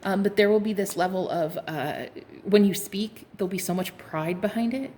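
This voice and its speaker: A woman's voice: mid-range voice, moderate pace, mellow, a little hiss or hum. A woman giving a casual tarot reading to her viewers, sassy and playful, laughing often, swearing and calling them honey. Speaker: tarot card reader.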